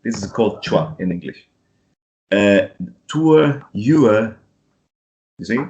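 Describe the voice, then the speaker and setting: A man's voice: deep voice, lo-fi sound. A man from Chile, an English teacher patiently modelling vowel sounds and checking in with his student. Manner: patient, repeats sounds slowly, keeps checking with "right?". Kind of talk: pronunciation lesson.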